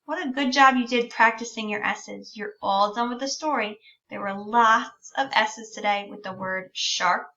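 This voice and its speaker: A woman teaching a speech-sound lesson to young children, sounding out words slowly and drawing out sounds. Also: fairly high pitch, bright, forceful tone. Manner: slow, drawn-out sounding out of words. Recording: distant, dull lo-fi recording.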